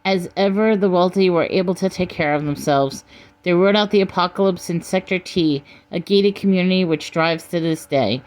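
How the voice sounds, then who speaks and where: A woman's voice: on the low side, moderate pace, a little mellow. Woman reading a comic story. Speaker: narrator.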